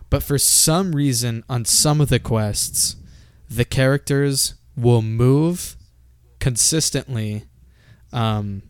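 Smooth-voiced man ranting about games. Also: mid-range voice, no room sound, clean studio sound. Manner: profane, ranting, laughs often. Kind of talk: casual gaming chat.

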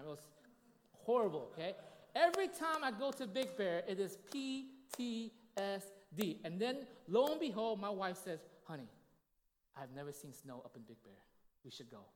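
A male pastor telling a story in a sermon, animated and acting out the voices he quotes. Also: high-pitched. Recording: long hall reverb.

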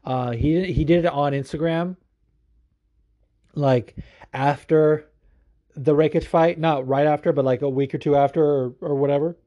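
A man with a warm, mellow tone hosts a casual podcast from home. He tells his stories with excitable energy and swears freely as he goes. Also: fairly high pitch, moderate pace, pauses often, highs cut off. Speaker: podcast host.

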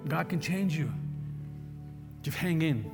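A man's voice: on the high side, expressive, takes it slowly, long reverb tail, music in the background. A male preacher giving an emphatic, exhorting sermon and calling for amens.

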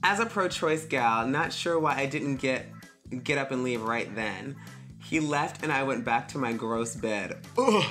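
A woman guest on a podcast, reading a listener's letter aloud and breaking off into loud squeals and asides. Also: very deep voice, animated, unhurried, soft background music.

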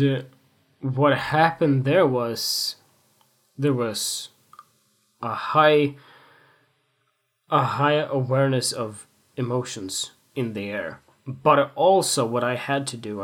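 A young man and photographer talking frankly in a casual, rambling monologue, swearing freely and joking at his own expense. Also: mid-range voice. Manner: candid, rambling, swears freely, self-mocking humor.

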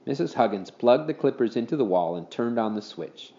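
A man's voice: medium pitch, lively intonation, a little fast, dark tone. A man reading a children's storybook aloud expressively, in a dull lo-fi recording.

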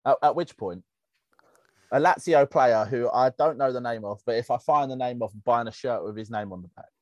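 Animated football podcast man. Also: medium pitch, a little fast, no echo, highs cut off. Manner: animated, laughing storyteller. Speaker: podcast co-host. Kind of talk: casual football chat.

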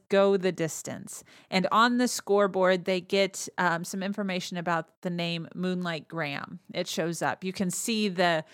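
A woman of ordinary mid pitch hosts a podcast, walking through a movie's story in a loose, conversational way. She laughs often and drops into quick quoted lines for the characters. The sound is close and dry, with no room around it. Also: fairly bright tone, no room sound. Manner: chatty, laughs often, retells scenes with quick quoted voices. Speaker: podcast host. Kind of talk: casual movie recap.

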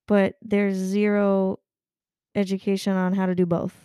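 Young woman host, casual chat, warm mellow voice, dry close sound, swears freely, laughs a lot. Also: mid-range voice, unhurried, smooth, no room sound. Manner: profane, frequent laughter, animated venting.

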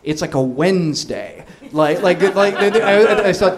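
A man in his thirties telling a long comic story, rambling and excitable, laughing through his words with many restarts. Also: high-pitched, slow, a crowd in the background.

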